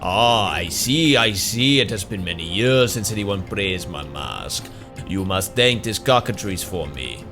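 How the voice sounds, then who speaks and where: Man as a grave tribal elder, deep, slow, formal. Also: lively intonation, bright, forceful tone, soft background music, heavily acted. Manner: low, slow, deliberate.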